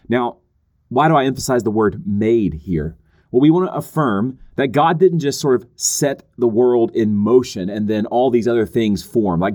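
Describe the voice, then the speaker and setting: An earnest man teaching theology in a measured, emphatic way. He walks through numbered points one by one and adds the odd quick aside or restart. His voice sits at an ordinary middle pitch for a man. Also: mellow. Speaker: Bible teacher.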